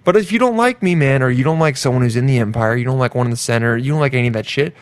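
A man's voice: mid-range voice, racing, dry recording. A young man hosting a podcast, giving a profane, swaggering, pumped-up solo rant to his listeners. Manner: profane, swaggering, pumped-up preaching with sudden loud jumps. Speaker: podcast host.

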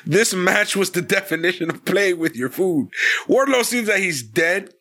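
Man, casual wrestling podcast co-host, high lively voice, bright tone, laughs often. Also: moderate pace. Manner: animated, laughing, acts out quotes. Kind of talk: casual wrestling recap chat.

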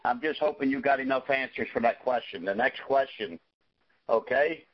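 Guy talking in a recovery group, lots of uh and okay?, kinda muffled audio. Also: mid-range voice. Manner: halting, frequent fillers and "okay?" check-ins. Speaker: recovery meeting participant. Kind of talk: casual group discussion. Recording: dull lo-fi audio.

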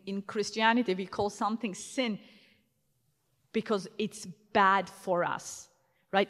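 A woman's voice: medium pitch, fairly bright tone. A woman in her thirties giving a conference talk in a casual, conversational way, full of fillers and restarts. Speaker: conference speaker. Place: large conference hall. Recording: long hall reverb.

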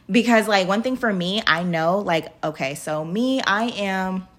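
Speaking slowly in a medium-pitched, slightly bright voice, a podcast host in her thirties keeps things casual and motivational. She's chatty, laughs a lot, and refers to her audience as y'all.

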